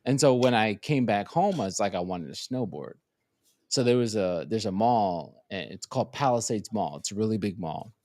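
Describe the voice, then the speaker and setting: A man's voice: lowish voice, normal speed, dry recording. A man in casual podcast chat, telling a story with lots of swearing and acted-out quotes. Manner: profane, animated storyteller acting out quotes. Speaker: podcast co-host.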